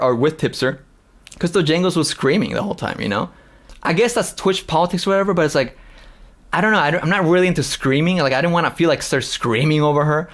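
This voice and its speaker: A man hosting a live stream, talking casually with lots of fillers, restarts and swearing. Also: on the high side. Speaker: streamer host.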